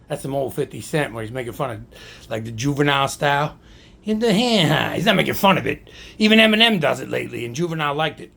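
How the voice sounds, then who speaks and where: A man's voice: on the high side, expressive, fairly quick, creaky, a bit bright. A man, a bit tipsy, rambling profanely and joking as he shows off his RC cars. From New Jersey. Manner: profane, rambling, joking, says "right?" often. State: tipsy from drinks. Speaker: RC car hobby vlogger. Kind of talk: casual tipsy chat to camera.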